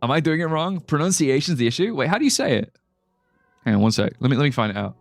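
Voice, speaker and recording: A man's voice: on the high side, very animated, fast, vocal fry, no room sound. A man live-streaming a game, chatting casually with his viewers in a rambling, joking way and laughing often. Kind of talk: casual live-stream chat over gameplay. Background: faint music.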